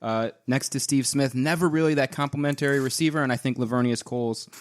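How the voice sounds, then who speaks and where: A man co-hosting a casual sports chat, relaxed and enthusiastic, trailing off with fillers. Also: medium pitch, fast. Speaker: co-host.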